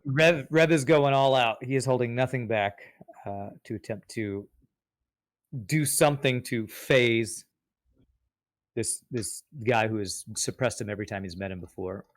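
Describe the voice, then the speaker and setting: Male player, mid-pitched voice, talks through his turns casually. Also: measured pace. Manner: thinks aloud, explains his moves. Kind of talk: casual tabletop game play.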